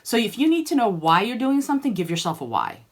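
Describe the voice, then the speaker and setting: A singing teacher, a woman with a slightly higher voice, runs a group lesson online. She coaches each student by name, encourages them and breaks into sung vowels to show the sound she wants. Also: very animated, fast.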